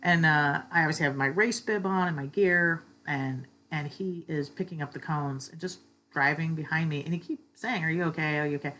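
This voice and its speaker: A woman's voice: deep voice, normal speed, pushed and bright, poor audio. A woman giving an earnest, heartfelt faith talk that moves from a personal story to a spiritual lesson. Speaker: church speaker.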